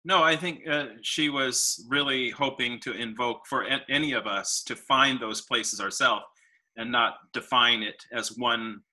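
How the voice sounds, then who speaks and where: A man's voice: mid-range voice, bright, forceful tone, poor audio. A man interviewing an author, asking long questions and searching for his words as he goes. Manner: halting, searching for words, many fillers and restarts.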